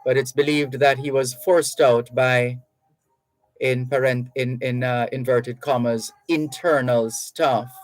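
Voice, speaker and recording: Slow-spoken radio host. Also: male voice, mid-range voice, fairly even intonation, no room sound, rough recording. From Jamaica. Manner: reads listener messages aloud, measured and reflective. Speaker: radio talk show host. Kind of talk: radio talk show. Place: radio studio. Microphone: studio microphone.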